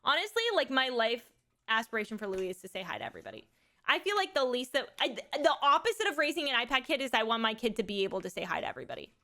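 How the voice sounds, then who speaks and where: A woman's voice: on the high side, sing-song, quick pace, bright, forceful tone. A woman in her thirties chatting casually on a livestream, rambling frankly about raising her son and swearing freely. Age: 30s. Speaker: streamer and mother.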